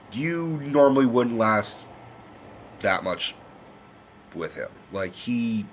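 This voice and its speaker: A man from the United States giving a loud, profane, rambling movie review in a casual rant. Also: mid-range voice, a little hiss or hum. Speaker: film reviewer.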